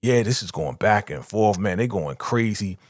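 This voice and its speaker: Man, low voice, dry close sound, casual episode recap, animated retelling. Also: dry recording. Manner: animated retelling, quoting characters in quick bursts. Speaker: show reaction host.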